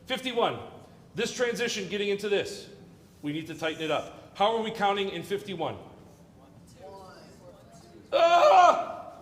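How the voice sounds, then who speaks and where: A man's voice: sits high, animated, normal speed, fairly bright tone. A man coaching a student orchestra in rehearsal, joking and counting and singing rhythms aloud. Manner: playful, jokey, counts and sings rhythms aloud. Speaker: guest orchestra clinician. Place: large hall with student orchestra. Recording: echoey hall, orchestra playing, from a distance. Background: orchestra music.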